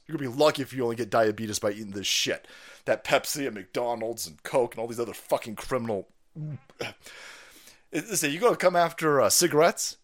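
A man's voice: mid-range voice, fairly bright tone. Foul-mouthed ranting male streamer. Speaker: streamer host. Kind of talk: profane political rant stream.

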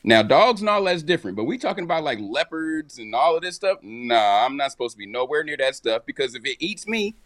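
A man co-hosting a talk show, telling jokes in animated casual chat. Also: a little high, fairly quick, hardly any pauses, no room sound, clean studio sound. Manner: joking, animated storytelling. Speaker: co-host.

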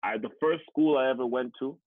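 A man's voice: mid-range voice, a little fast, no room sound. Blunt man on a tinny line. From Canada. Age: adult, past teachers college. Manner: blunt, emphatic, swears, repeats words for stress. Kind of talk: candid conversational storytelling. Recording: tinny phone-like sound, dry.

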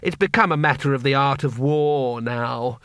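A man's voice: medium pitch, moderate pace, fairly bright tone, smooth, dry recording, studio quality, close to an everyday voice. A man as a mild, courteous teacher.

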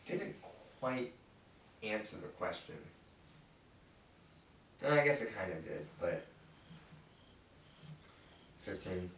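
A man with a lowish voice leads a relaxed Bible study. He talks loosely, stopping to put questions to his group. He sounds some way off from the microphone, in a room with a lot of echo. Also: slow, pauses often. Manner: loose and conversational, reads scripture aloud then stops to ask the group questions. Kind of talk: casual Bible study discussion. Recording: roomy and distant from the mic.

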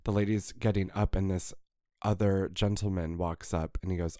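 A man co-hosting a podcast, chatting casually and telling an animated, jokey story. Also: deep voice, moderate pace, dry recording, clean studio sound. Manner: animated, jokey, raises voice for quoted lines. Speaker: podcast co-host.

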